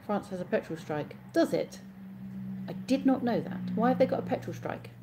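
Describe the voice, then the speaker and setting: Her fairly high voice carries lively intonation at a normal speed, with background noise audible. She's an English-accented woman from Oxfordshire, casually chatting on a live stream and answering viewer comments aloud while rambling and correcting herself.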